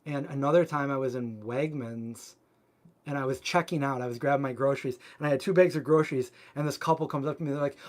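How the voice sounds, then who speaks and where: A man's voice: fairly high pitch, steady tone, fast talker, a little mellow. A man hosting a cooking channel, chatting casually on a live stream and answering viewer comments in a rambling way, full of filler words. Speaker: vegan cooking channel host.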